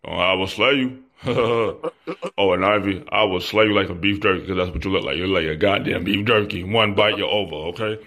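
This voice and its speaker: Low gravelly guy trash talking, cocky and rambling, kinda winded. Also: steady tone, a little fast, a bit bright. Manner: boastful, rambling insults. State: out of breath. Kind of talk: crude trash talk.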